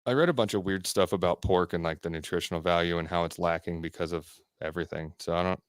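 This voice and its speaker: A man's voice: low voice, fairly even intonation, quick pace, clean tone, no room sound, studio quality. A man co-hosting a podcast in casual chat, blunt and ranting, swearing often. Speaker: podcast co-host.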